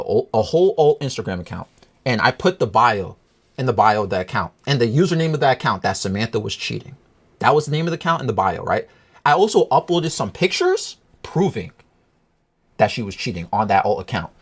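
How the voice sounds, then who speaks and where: An emotional, upset man with a mid-range, breathy-edged voice tells his viewers a personal story. He's casual but agitated, rambling and restarting often.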